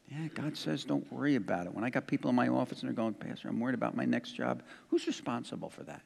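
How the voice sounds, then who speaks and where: Older pastor preaching in an echoing hall. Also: male voice, mid-range voice, quick pace, gravelly, hardly any pauses. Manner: folksy and joking, with frequent fillers and restarts. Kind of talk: conversational sermon. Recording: long reverb of a large hall.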